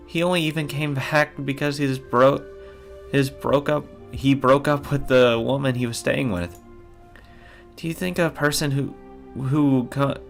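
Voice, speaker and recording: A man voicing a sweet, gentle teenage girl who speaks softly and pleadingly while reading a visual novel aloud. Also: mid-range voice, creaky, voice pushed up, close to an everyday voice.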